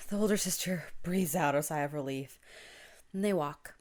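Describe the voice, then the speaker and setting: A woman casually retells a spooky story on her podcast, her voice sitting a little low. She talks in a chatty way and slips into a hushed whisper when the story gets tense. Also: normal speed. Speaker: podcast host.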